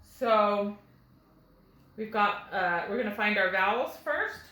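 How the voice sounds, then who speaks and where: A woman's voice: mid-range voice, lively intonation, takes it slowly, sharp tone, echoey room, low-quality recording. A first grade teacher, a woman, giving a recorded phonics lesson, patiently sounding out words for young children.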